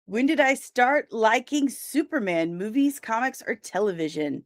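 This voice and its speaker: A woman's voice: a little high, animated, unhurried. A young woman hosting a casual livestream, chatting and greeting viewers by name, with easy laughs. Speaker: livestream host.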